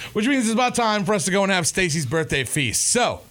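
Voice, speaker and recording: A man's voice: high voice, sing-song, moderate pace, fairly bright tone. A man co-hosting a podcast, telling stories in a playful, rambling casual chat. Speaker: podcast co-host.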